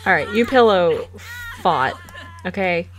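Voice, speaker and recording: A woman's voice: fairly low pitch, animated, takes it slowly, soft background music. Giggly woman narrating a life-sim game. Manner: giggly, chatty, coaxing her game characters. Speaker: let's play host. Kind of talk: casual gameplay commentary. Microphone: desktop USB mic.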